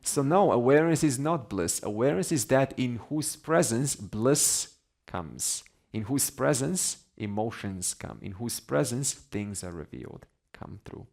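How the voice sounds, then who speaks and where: A man's voice: mid-range voice, animated, measured pace, creaky, a little mellow. A man teaching a class on scripture, conversational, asking his students questions and laughing between points. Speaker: Vedanta teacher.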